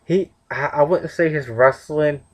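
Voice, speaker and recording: A man's voice: fairly high pitch, measured pace. A tired young man casually reviewing a wrestling show on his own, rambling with fillers and self-corrections. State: tired, yawning.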